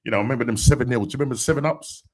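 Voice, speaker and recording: A man's voice: medium pitch, rapid-fire, a little mellow. A man hosting a casual football podcast live stream, upbeat and chatty, repeating phrases and often laughing. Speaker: podcast host.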